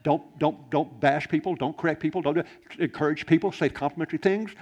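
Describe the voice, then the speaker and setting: A man preaching a sermon, shifting between loud exclamations and hushed, quiet lines. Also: on the high side, a little fast. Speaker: pastor.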